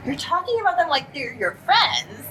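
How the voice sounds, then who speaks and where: A bubbly woman who works as a voice actress and anime script writer answers questions casually as a guest in a convention press room. Her voice sits high, and she tells animated stories full of quick asides. Music plays in the background of the low-quality recording.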